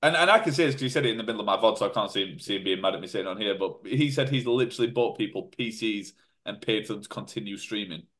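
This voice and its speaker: A man co-hosting a podcast, chatting in an excitable, rambling way. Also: on the low side, racing. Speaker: podcast co-host. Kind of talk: casual chat.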